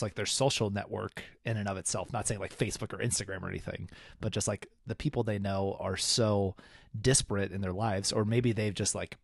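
Low-voiced man musing in halting bursts. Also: creaky, no room sound, clean studio sound. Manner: rambling, halting, many restarts. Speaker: podcast co-host. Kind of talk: casual podcast chat.

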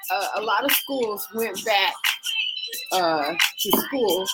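A California-raised woman co-hosting a relaxed talk show with her sisters, playful and quick to tease. Her pitch sits somewhat high and swings widely. Loud music plays under the chat. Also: rough recording. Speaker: podcast co-host. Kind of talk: casual chat among sisters.

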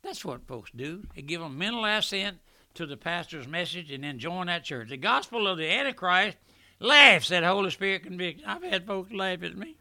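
An older man preaching a fervent radio sermon, swelling loudly at points and breaking into asides. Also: sits high, sing-song, moderate pace, no echo.

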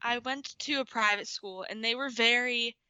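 A woman co-hosting a radio talk show, recounting her past earnestly and pausing to search for words. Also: a little high, steady tone, bright, forceful tone, smooth, no room sound. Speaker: co-host. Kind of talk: casual radio interview.

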